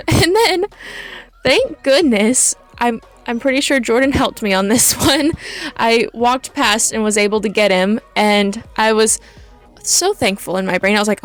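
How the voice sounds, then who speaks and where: Excitable chatty woman with music behind. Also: on the high side, normal speed. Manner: excited and chatty, quoting her own nervous thoughts. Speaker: dog trainer and handler. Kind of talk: casual voice-over commentary on a trial video.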